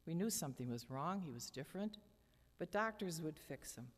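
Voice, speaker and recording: An older woman with a low, deep voice reads from her memoir at a church lectern. Her delivery is measured and dramatic, and a long church hall reverb trails each phrase. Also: lively intonation. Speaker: memoir reader. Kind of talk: reading a personal memoir aloud.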